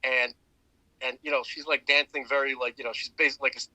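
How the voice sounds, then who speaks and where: A man's voice: medium pitch, little pitch movement, fast, bright, forceful tone, no echo, rough recording. A man on a podcast, casually retelling a story with lots of fillers and restarts. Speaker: podcast co-host. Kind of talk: casual chat.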